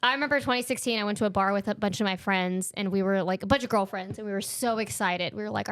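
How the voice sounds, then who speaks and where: A woman's voice: mid-range voice, fairly bright tone, clean tone. A woman co-hosting a podcast, talking casually and emphatically, with lots of "like". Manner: fast, emphatic, says "like" often. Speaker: podcast co-host. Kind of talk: casual chat.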